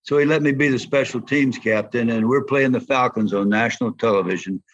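An older man with a Southern accent, a former football player telling folksy, animated stories in an interview. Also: medium pitch, fairly quick. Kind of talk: storytelling interview. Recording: dull lo-fi sound.

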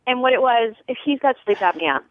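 A woman tells stories in a voicemail message over a tinny, dry phone line. Her voice is fairly high and bounces up and down a lot, and she acts out the people in her stories. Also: animated, fairly quick, no room sound. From Nashville, United States. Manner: chatty storyteller who acts out voices. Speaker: caller leaving a voicemail.

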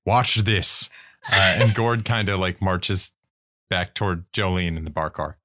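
A man playing a tabletop game, speaking slowly and haltingly in a mock-proud way. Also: deep voice, fairly even intonation, bright, forceful tone. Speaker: player. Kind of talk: in-character tabletop play.

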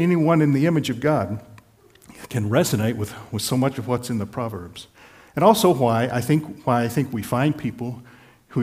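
A man's voice: mid-range voice, darkish tone. A middle-aged male pastor giving a sermon in an easygoing, explanatory way, often restarting phrases. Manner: conversational, explanatory, with light laughs and restarts.

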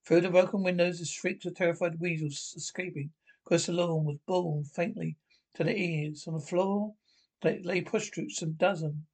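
A man's voice: a little high, fairly even intonation, normal speed, a little mellow, low-quality recording. A man reading a classic children's story aloud, with frequent slips and restarts. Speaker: reader.

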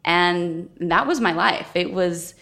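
A woman's voice: fairly low pitch, takes it slowly, a bit bright. A woman interviewed as a guest, telling her story candidly and thoughtfully in conversation. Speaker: guest, former Olympic figure skater.

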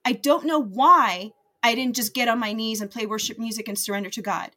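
A woman's voice: fairly high pitch, brisk, pushed and bright. A woman in her thirties earnestly telling a personal faith story to her viewers, confiding and unpolished, with many fillers and restarts. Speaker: faith vlogger.

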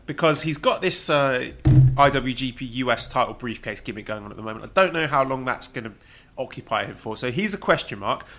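A man co-hosting a casual podcast, going through names methodically in a measured way. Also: mid-range voice, expressive, sharp tone. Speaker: podcast co-host. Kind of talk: casual podcast chat about wrestling.

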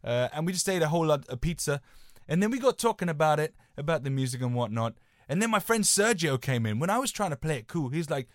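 A man's voice: a little high, big pitch swings, quick pace, no echo, clean studio sound. A young man co-hosting a podcast, chatting casually and rambling through anecdotes with lots of "sort of" hedges. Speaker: podcast co-host.

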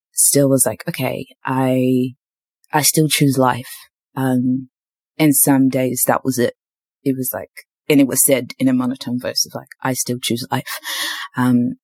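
A woman's voice: extremely low pitch, warm tone, no echo. A young woman telling a candid personal faith story in casual chat, with frequent ums and likes. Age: young adult. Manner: candid, faith-filled storytelling with lots of fillers. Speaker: podcast host.

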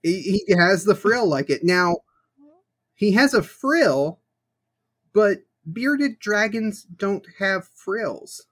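A wry man co-hosting a podcast. He speaks slowly, with a voice that rises and falls a lot, and he laughs easily. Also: high-pitched, big pitch swings, fairly bright tone. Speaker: podcast co-host. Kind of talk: casual chat reviewing a tokusatsu show.

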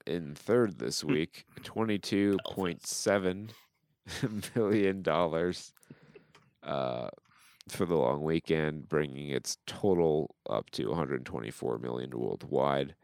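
A man's voice: rumbling low, takes it slowly, vocal fry, darkish tone, clear, resonant tone, no room sound, studio quality. A man hosting a podcast in casual chat, joking and reading reviews aloud with dramatic flair. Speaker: podcast host.

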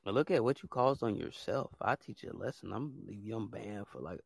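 A man's voice: fairly low pitch, lively intonation, fairly quick, vocal fry, breathy edge, no room sound, clean studio sound. A man hosting his own podcast, delivering a blunt, fed-up rant full of repetition and casual slang. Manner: fed-up, blunt, repeats himself. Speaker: podcast host. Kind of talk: ranting monologue.

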